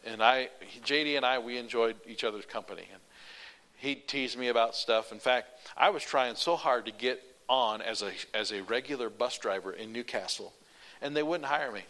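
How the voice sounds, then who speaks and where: Man, preacher, sermon story, animated, strings lines together with "and", bright forward tone. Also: medium pitch, moderate pace. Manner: animated, runs on with repeated "and".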